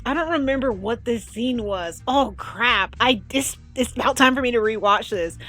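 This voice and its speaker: A woman's voice: fairly high pitch, normal speed. Woman doing a chatty reaction video, lots of "like", faint music under her. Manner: chatty, animated, lots of "like" and "oh my gosh". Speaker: video commentator. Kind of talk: casual reaction commentary.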